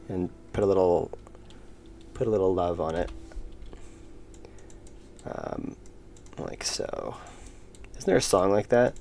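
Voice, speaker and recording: Rambling gravelly-voiced young man streaming. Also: low voice, fairly even intonation, measured pace, long pauses, a little mellow, a little hiss or hum. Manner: rambling, self-deprecating, reads chat aloud. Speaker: indie game developer streamer. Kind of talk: casual live-stream chat while working.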